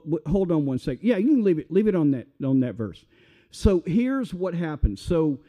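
A man's voice: fairly high pitch, warm tone. A man with a Southern US accent, preaching a sermon in a folksy, conversational way with asides. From Mississippi. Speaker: pastor.

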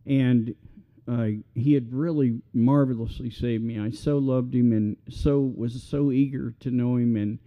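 A middle-aged male pastor preaches a sermon at a typical male pitch, unhurried and with hardly any pauses, his intonation fairly even. He talks earnestly and conversationally before rising into passionate appeals. The recording sounds slightly dull and lo-fi.

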